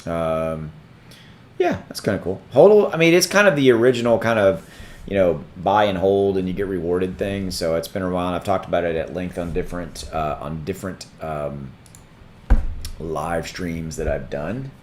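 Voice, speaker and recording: A man hosting a casual crypto livestream, rambling and thinking aloud while he looks things up, his voice starting to go hoarse. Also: deep voice, moderate pace. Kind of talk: casual live-stream chat.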